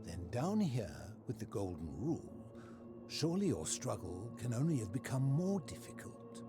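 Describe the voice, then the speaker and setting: A lonely old philosopher hermit. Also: male voice, medium pitch, sing-song. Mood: probing. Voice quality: measured, formal, questioning delivery. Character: lonely aging male philosopher hermit, courteous and probing. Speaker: game character. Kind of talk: video game voice acting. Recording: game audio with soundtrack music. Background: game music.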